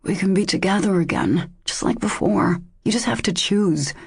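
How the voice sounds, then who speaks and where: Soft caring husband in an audiobook dream, gentle and low-key, husky voice, woman reading him. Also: moderate pace, dry recording, clean studio sound.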